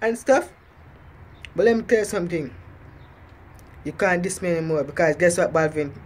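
A man's voice: high voice, lively intonation, normal speed. A man rapping a diss track on his vlog and then taunting his target in boastful, repetitive jabs.

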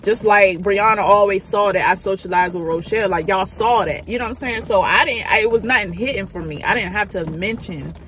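A woman in her thirties spills a candid storytime, talking loosely and with plenty of swearing. Her voice sits at an ordinary middle pitch, recorded on a phone camera with faint traffic passing behind. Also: brisk, hardly any pauses, fairly bright tone. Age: 30s. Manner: candid, profane, chatty slang storytelling. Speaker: vlogger. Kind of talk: casual storytime.

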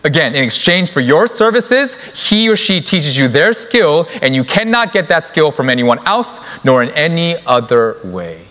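Young guy preaching in church, hammers words over and over, slightly high voice, echoey live stream. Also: very animated, moderate pace, few pauses, sharp tone. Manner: emphatic, repeats key words for stress. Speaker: pastor. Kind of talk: sermon. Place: church sanctuary.

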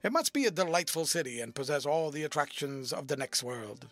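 A man reading the part of a witty, cynical aristocratic gentleman with an amused, epigrammatic delivery. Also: on the high side, expressive, fairly quick, dry recording.

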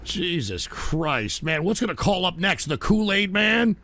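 A man hosting a call-in radio show, cursing and erupting into shouting. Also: high voice, very animated, measured pace. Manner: explosive, cursing, blows up into shouting.

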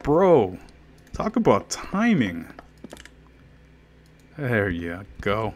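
A man narrates his gameplay in a relaxed let's play, cracking jokes and greeting the game's characters as if they could hear him. He takes his time between phrases, yet his voice leaps up and down with lively swings. Faint game music plays quietly behind him. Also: medium pitch, slow pace, pauses often. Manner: jokey, chatting to game characters and to himself. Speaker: gaming video host. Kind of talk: casual let's play commentary.

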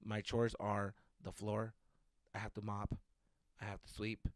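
A man's voice: on the low side, completely flat delivery, unhurried, no echo. A man hosting a podcast, telling rambling, profane stories from home in a casual way. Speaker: podcast host. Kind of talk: casual storytelling.

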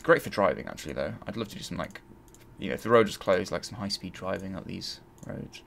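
A man's voice: sits low, lively intonation, fast talker, vocal fry, a little hiss or hum. A man hosting a let's play, thinking aloud and grumbling as he searches. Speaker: gaming channel host.

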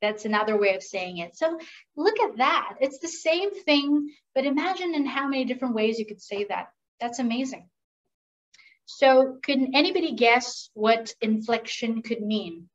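A woman running an interactive workshop on professional communication, lively and asking the audience questions. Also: on the high side, moderate pace, far from the mic, highs cut off. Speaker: communication skills trainer. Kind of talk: interactive online workshop talk.

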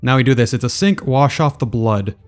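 A man narrating his video game play in a loose, casual way, half talking to himself as he works out his next move. His voice sits at an average pitch, and soft music plays underneath. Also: a little fast. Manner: casual, muttering as he thinks aloud. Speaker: gaming video creator. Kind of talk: let's play gaming commentary.

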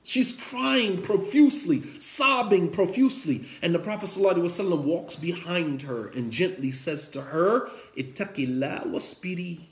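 A male preacher delivering a sermon in an emphatic, repetitive way. His voice sits high for a man. The room gives it a roomy echo. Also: expressive, moderate pace, hardly any pauses. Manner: emphatic and repetitive, acts out quotes.

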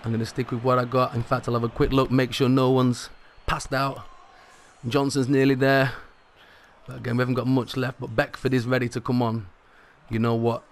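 Gravelly man commentating a football game. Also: mid-range voice, normal speed. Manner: excitable, rises sharply at goals. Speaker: gaming commentator.

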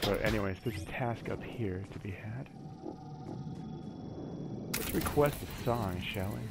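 A man's voice: fairly low pitch, a little slow, gravelly, long pauses, loud music behind the voice. A man giving easygoing, chatty commentary while exploring a video game map alone, cracking corny jokes as he goes. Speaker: gaming channel host. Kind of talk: solo gameplay commentary.

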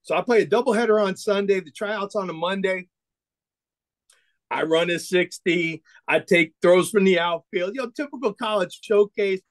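A man in his forties telling animated stories as a podcast guest, acting out quoted dialogue. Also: sits high, moderate pace, no room sound. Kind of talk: casual storytelling interview.

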